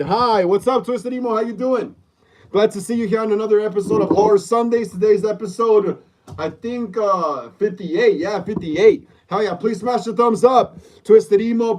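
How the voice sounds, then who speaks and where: High-pitched yet dark in tone, this man's voice carries a casual livestream from a room at home during a move. Over and over he greets viewers, reading their chat messages aloud.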